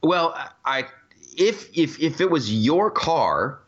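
A man's voice: on the high side, big pitch swings, takes it slowly, fairly bright tone, husky, dull audio. A man hosting a casual, comedic podcast chat, rambling through stories with many restarts and laughs. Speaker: podcast host.

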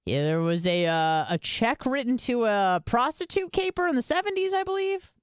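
A woman's voice: fairly high pitch, animated, normal speed, clear, resonant tone, dry recording, clean studio sound. A woman co-hosting a podcast, telling stories in casual chat and rambling loosely with lots of filler words. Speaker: podcast co-host.

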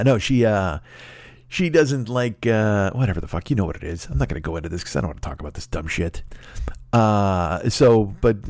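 A man's voice: on the low side, no room sound. A man in his forties ranting and telling stories on a comedy podcast, profane, sarcastic and rambling. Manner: animated storytelling. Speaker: podcast host.

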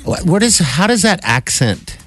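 Radio dude, kinda high bouncy voice, laughs at himself a lot, light music under. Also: male voice, very animated, normal speed, a bit bright. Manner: playful, self-mocking, laughs a lot. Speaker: radio show host. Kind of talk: casual morning radio banter.

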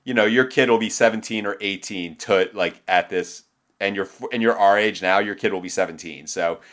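Sardonic young podcast co-host, lowish voice. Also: male voice, brisk, a bit bright. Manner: dry, sardonic, swears casually. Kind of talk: casual podcast chat.

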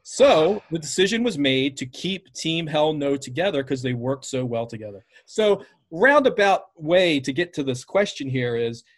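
A man's voice: fairly high pitch, sing-song, normal speed, hardly any pauses. A man hosting a casual podcast interview, asking long rambling questions with plenty of fillers. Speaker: podcast host.

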